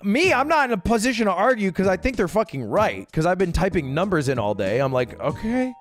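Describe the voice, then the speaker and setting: A man, a streamer, telling a story in an exasperated, profane way, casual and animated. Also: high voice, quick pace, soft background music. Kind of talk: casual comedic storytelling rant.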